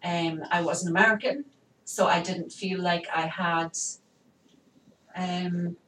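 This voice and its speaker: A woman's voice: on the low side, steady tone, slow pace, fairly bright tone, slight background noise. A woman with an English accent, a military spouse, talking reflectively in a casual podcast conversation. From England. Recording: roomy, distant mic, faint ambience.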